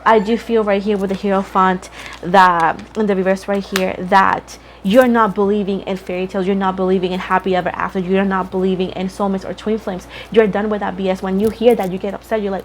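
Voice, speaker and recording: A woman's voice: medium pitch, steady tone, brisk, slight background noise. A woman giving a casual tarot reading to camera, chatty and frank, talking straight to her viewers. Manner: chatty, frank, addresses viewers as boo and Libra. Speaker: tarot reader.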